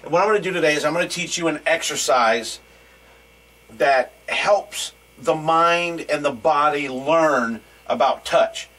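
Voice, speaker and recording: A man's voice: on the high side, pushed and bright. Joking drum teacher, man, off-mic. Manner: loose, rambling, joking. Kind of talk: casual video lesson. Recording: distant mic with faint noise.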